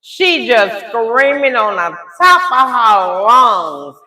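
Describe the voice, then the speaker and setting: A slow-speaking middle-aged woman with a bright, high voice hosts a livestream storytime, delivering it dramatically in an echoey room. Her animated retelling shifts from loud outbursts to hushed asides as she talks straight to viewers and repeatedly checks in with "okay?"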